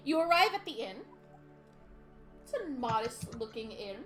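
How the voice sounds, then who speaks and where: A woman narrating a tabletop game as game master, unhurried and quick to laugh. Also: a little high, big pitch swings, fairly bright tone, faint music behind.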